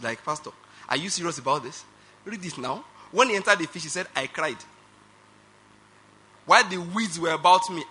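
Husky, bright-voiced preaching man. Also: high-pitched. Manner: emphatic preaching with rhetorical questions; laughs between phrases. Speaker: pastor. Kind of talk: sermon.

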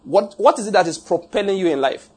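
A man's voice: high-pitched, expressive, fast talker, husky. A man preaching a sermon in a jokey, emphatic way, laughing at his own points and repeating lines for effect. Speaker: pastor.

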